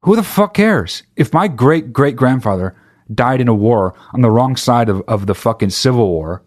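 A comedian doing a stand-up rant, talking in an exasperated, profane and rhetorical way. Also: male voice, mid-range voice, expressive, moderate pace, a little mellow.

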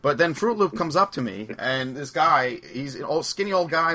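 A man with a bright, forceful voice hosts a loose, casual podcast chat. He rambles through his stories and laughs along the way. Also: on the high side, expressive, moderate pace, hardly any pauses. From Long Island, New York. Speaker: podcast host.

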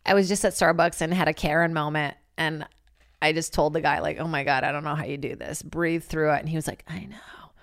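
Brief: woman in her thirties, stand-up comic hosting a podcast, brash and animated storyteller. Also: low-pitched, a little fast. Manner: brash, animated, acts out voices in quotes. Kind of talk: casual storytelling monologue.

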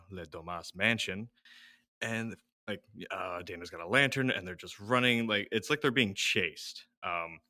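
A man co-hosting a podcast, recapping a film plot in a rambling way with many pauses. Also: fairly low pitch, bright, forceful tone, no echo. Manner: rambling, hesitant with fillers. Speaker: podcast co-host.

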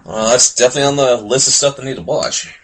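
A man's voice: mid-range voice, fairly even intonation, fast, crowd noise. A man in casual podcast chat who talks loosely and laughs easily. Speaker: podcast co-host.

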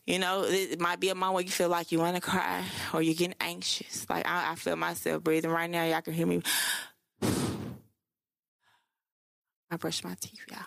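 A young woman hosts her podcast in a loose, chatty way, swearing freely and piling on fillers. Her voice sits low with a heavy gravelly fry, and the recording is close and dry. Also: flat delivery, fast, hardly any pauses, dry recording. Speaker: podcast host. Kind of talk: casual solo podcast talk.

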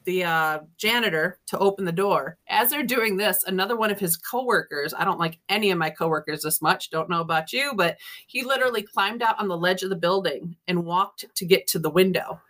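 A woman guest author talks through local ghost stories in a relaxed, chatty way. Her voice sits a little low for a woman but comes across bright and forceful. She slips into other people's lines as she tells each story. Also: brisk. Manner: lively storyteller, acts out quoted dialogue, laughs often. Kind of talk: casual ghost storytelling in an interview.

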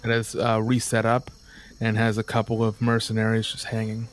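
A man's voice: on the low side, completely flat delivery, normal speed. A man running a tabletop game as game master, describing scenes in a hesitant way with many fillers.

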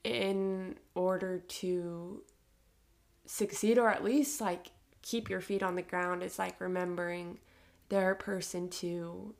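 A woman's voice: fairly low pitch, level tone, slow, vocal fry. A woman in her twenties hosting an interview, enthusiastic and gushing, peppered with "like" and "oh my gosh". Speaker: interviewer, host. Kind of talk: casual interview chat.

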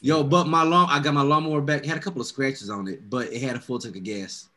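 A young man hosting a casual chat, telling a profane story and loudly acting out what everyone said. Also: mid-range voice, fast, a crowd in the background. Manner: profane, animated storyteller, acts out quotes loudly.

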